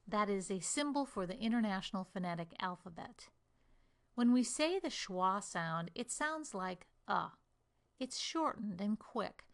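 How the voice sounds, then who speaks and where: American female accent coach, measured and deliberate delivery, exaggerates stress for demos. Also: medium pitch, pushed and bright. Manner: slow, deliberate, exaggerating syllables for demonstration. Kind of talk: pronunciation lesson.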